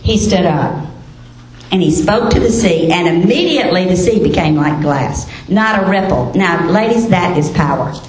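A woman teaching a women's Bible study, expressive, asking rhetorical questions and reading scripture aloud. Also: on the low side, normal speed. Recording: very echoey room, faint hiss.

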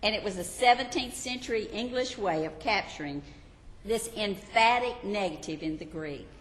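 Brief: earnest woman Bible teacher, very lively pitch, recorded in a hall with long reverb. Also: normal speed. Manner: earnest, expressive, emphatic. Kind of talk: Bible teaching with read quotes. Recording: echoey hall, faint ambience.

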